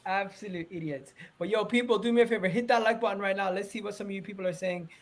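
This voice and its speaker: A man hosting a casual football podcast, animated and quick to jump in, calling on viewers to like the video. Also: high voice, crowd noise. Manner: animated, talks over others, asks the audience to engage. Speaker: podcast host.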